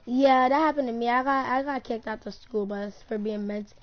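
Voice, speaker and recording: A woman's voice: a little high, normal speed. Rambling young-sounding woman gaming, lo-fi. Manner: rambling, jokey, trails off and restarts. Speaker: gamer. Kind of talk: casual gaming chat. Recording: dull lo-fi recording.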